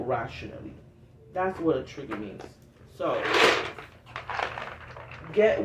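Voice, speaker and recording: A woman talking candidly in an unscripted self-help vlog, rambling and swearing freely. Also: fairly low pitch. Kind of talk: unscripted casual monologue. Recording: roomy, distant mic, faint noise.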